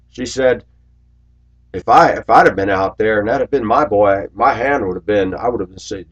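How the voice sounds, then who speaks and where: A man in his forties telling stories in a rambling monologue to his viewers, raising his voice loudly when he acts out what people said. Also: on the low side, normal speed, husky, muffled recording. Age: 40s. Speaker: video blogger. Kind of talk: casual monologue to camera.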